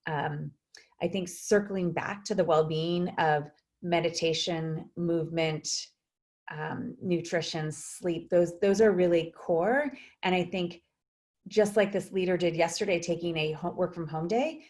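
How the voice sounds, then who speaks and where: A woman's voice: lowish voice, fairly even intonation, a little slow, a little mellow. A woman psychologist, a guest in a video interview, speaking thoughtfully with frequent fillers and restarts.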